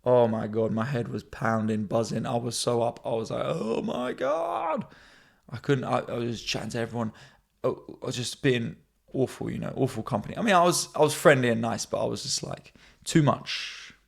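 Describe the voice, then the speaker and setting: Young man, gravelly voice, casual podcast storytelling, animated, mimics people in high voices. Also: fairly quick. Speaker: comedian and podcast host.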